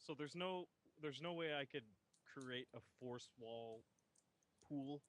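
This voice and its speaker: A man's voice: medium pitch, slow, a bit bright. A man playing in a tabletop game over online voice chat, thinking aloud with fillers. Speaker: player.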